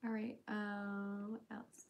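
A woman streamer chatting casually on a livestream, reading viewers' comments aloud and answering them with quick giggles. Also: mid-range voice, monotone, slight background noise. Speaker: streamer and voice actor.

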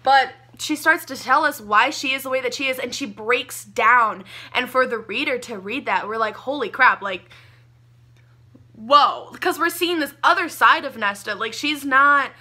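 A young woman gushing about a book she loved, talking casually and excitably with lots of "like" fillers. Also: high voice, normal speed, hardly any pauses. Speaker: book reviewer.

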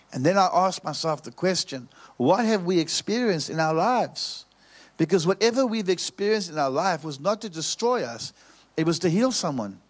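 A male preacher whose voice sits a little high for a man. He tells his story in the pulpit and repeats short phrases for emphasis. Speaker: pastor. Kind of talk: preaching sermon.

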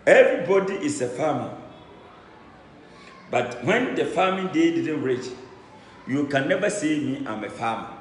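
A man with a Ghanaian accent, a traditional priest boasting in fiery declamation, swinging between shouts and low mutters and repeating his phrases. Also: animated, a little slow, pauses often, a little hiss or hum. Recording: echoey room with long reverb.

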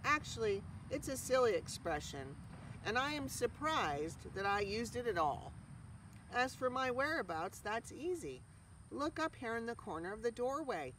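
A storyteller voicing a calm, kindly female spider who speaks slowly and gently. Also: medium pitch, far from the mic, a little hiss or hum, voice pushed up, rough recording.

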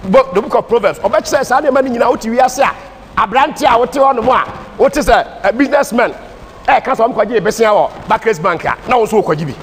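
Ghanaian man, Bible class teacher, emphatic code-switching preacher, high register, church hall reverb and faint room hiss. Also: brisk, a bit bright. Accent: Ghanaian English. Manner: switches between English and Twi, emphatic preaching cadence. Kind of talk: sermon-style Bible teaching. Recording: distant hall reverb with faint ambient noise.

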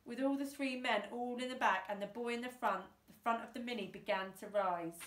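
A woman teacher reading a children's book aloud, lively and acting out the characters. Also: fairly quick, slight background noise. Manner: lively, voices characters with big pitch jumps. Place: classroom or home, self-filmed. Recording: echoey room.

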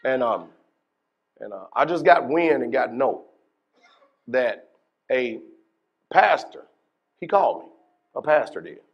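A man preaching a sermon as pastor, putting questions to his congregation and moving between hushed asides and loud, emphatic bursts. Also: mid-range voice, big pitch swings, slow pace, vocal fry, pauses often, breathy edge, lo-fi sound. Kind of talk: deliverance workshop sermon.

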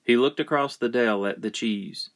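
A man reading a children's storybook aloud with gentle, playful storytelling. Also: medium pitch, moderate pace. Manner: gentle, playful storytelling with lots of sound effects. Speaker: narrator.

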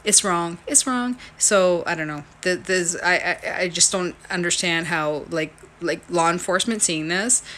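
Low-pitched woman ranting on a home vlog, sharp tone, lots of restarts. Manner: rambling, exasperated, halting restarts. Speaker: vlogger.

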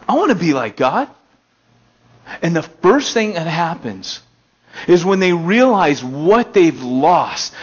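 A fairly high-pitched man preaching a sermon to his congregation in a relaxed, conversational way. His delivery climbs to emphatic peaks, then sinks low and quiet. The recording is dull and lo-fi, as if from a basic room setup. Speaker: pastor. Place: elementary school meeting hall.

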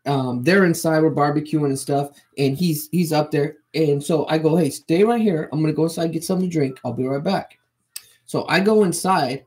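A man's voice: a little high, darkish tone. A man in his forties telling stories in a loose, profane, rambling way as a podcast co-host, laughing as he talks. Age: 40s. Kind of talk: casual storytelling chat.

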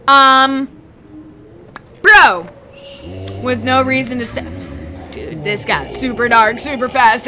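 High, excitable young woman gamer. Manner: excitable, emotional, pleading with the game. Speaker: let's play gamer. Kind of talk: reacting to a video game. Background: faint game music.

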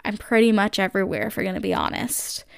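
In a clean studio recording with no echo, a young woman gushes through a casual solo podcast chat, peppering it heavily with "like" and "um." Her mid-range voice is smooth, swings widely in pitch, and moves at a quick pace.

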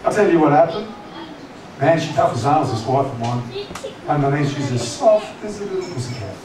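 A man's voice: on the high side, lively intonation, moderate pace. A man preaching a sermon as pastor, conversational and teasing, often asking the congregation questions. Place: church hall. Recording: echoey church hall, distant mic, noisy.

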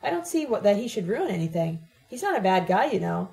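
A woman's voice: medium pitch, very animated, fairly quick, creaky, darkish tone, low-quality recording. A woman reading the part of an easygoing young man who talks mildly and reasonably, in an audiobook. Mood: calm. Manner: mild, reasonable.

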